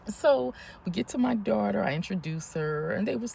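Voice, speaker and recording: Gravelly fifty-something woman, lively storyteller. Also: mid-range voice, moderate pace, a little hiss or hum. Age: 50s. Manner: animated, laughing, breathless retelling. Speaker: vlogger. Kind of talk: casual storytelling.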